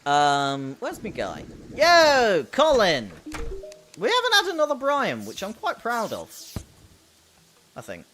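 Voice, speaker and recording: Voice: medium pitch, huge pitch swings, unhurried, sharp tone, soft background music. A young adult streamer with a childlike, babyish voice, chatting playfully while commenting on a game. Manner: playful, chatty, reads out chat. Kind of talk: casual live gameplay commentary.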